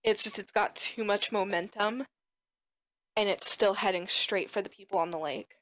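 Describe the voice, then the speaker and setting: A woman narrates as game master for a tabletop role-playing game. She sets the scene in a measured, descriptive way. Her voice sits in a middle range and sounds dry and close. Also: mid-range voice, fairly even intonation, fairly bright tone, no echo.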